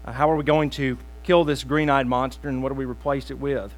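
A man preaching a sermon, telling a joke with slow pauses and plain asides to the congregation. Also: mid-range voice, level tone, low-quality recording. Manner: storytelling with pauses, self-deprecating asides. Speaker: pastor.

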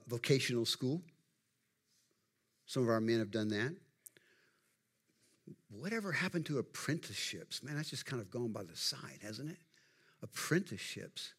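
Middle-aged pastor, folksy sermon delivery, chats with the congregation. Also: male voice, medium pitch, slightly rough. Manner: conversational, folksy, asks the congregation questions.

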